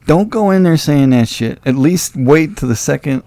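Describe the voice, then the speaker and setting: A man's voice: fairly high pitch, animated, moderate pace, creaky, warm tone, no echo. A man co-hosting a casual comedy podcast, telling rambling stories and acting out the people in them. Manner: rambling storyteller, acts out quoted people. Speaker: podcast co-host.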